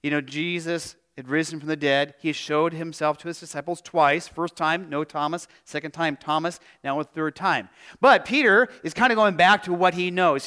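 A man preaching a sermon as a pastor, earnest and personal, with pauses and restarts as he speaks. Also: on the high side, sharp tone, clean tone.

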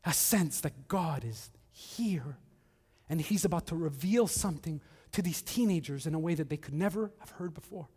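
A male pastor preaching a sermon, earnest, moving between hushed and emphatic. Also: on the high side, animated, moderate pace, slightly rough, long reverb tail.

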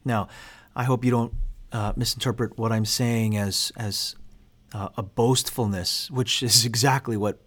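A man's voice: mid-range voice, steady tone, a little slow, a bit bright. Earnest man lecturing on his calling. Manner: earnest, reflective, self-deprecating. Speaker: seminary instructor. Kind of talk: personal testimony in a lecture.

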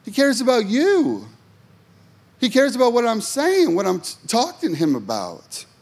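A man's voice: very high voice, huge pitch swings, normal speed, vocal fry. A male pastor preaching a sermon with emphatic rhetorical questions and joking asides to the congregation.

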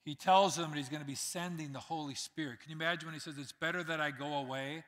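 Male pastor preaching in a church, fairly high bright voice, talks right to the congregation, long hall echo. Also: steady tone, fast talker. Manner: conversational preaching, acts out quotes, addresses congregation directly. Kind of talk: sermon. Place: church sanctuary.

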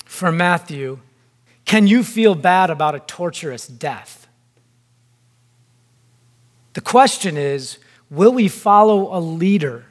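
A man preaching a sermon in a deliberate, emphatic way, with long pauses between phrases. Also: sits high. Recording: long hall reverb.

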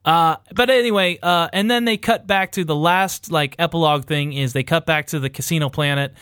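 A man's voice: on the high side, brisk, a bit bright, clean tone, no room sound, studio quality. A man recapping a movie in casual, profane podcast chat, rambling and irreverent and laughing as he goes. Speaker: podcast host recapping a film.

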